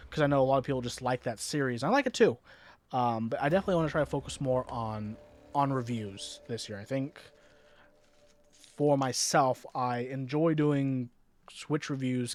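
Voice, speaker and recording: Medium-pitched and darkish in tone, this American man rambles on his livestream over faint background music. His sentences keep restarting, and he reads chat messages aloud as he answers them.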